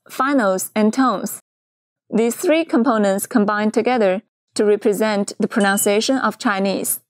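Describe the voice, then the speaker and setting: A woman teaching a beginner's pronunciation lesson in a clear, patient scripted dialogue. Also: fairly high pitch. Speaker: Chinese teacher.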